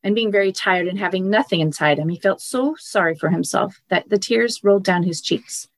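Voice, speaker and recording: A woman's voice: mid-range voice, a little fast, no room sound. A woman reading a storybook passage and then explaining it as a podcast guest, tearful and hesitant. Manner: hesitant, restarts often when explaining. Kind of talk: storybook reading and casual chat.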